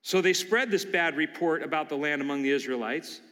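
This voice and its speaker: A man's voice: a little high, brisk, a bit bright, in a large hall. A man preaching a sermon, emphatic and questioning his listeners as he reads and explains scripture. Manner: emphatic, asks the congregation questions. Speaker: pastor.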